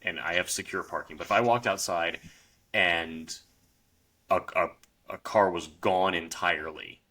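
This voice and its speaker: A man hosting a podcast in a relaxed, chatty way, with frequent ums. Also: deep voice, measured pace. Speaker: podcast host, car journalist. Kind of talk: casual podcast chat.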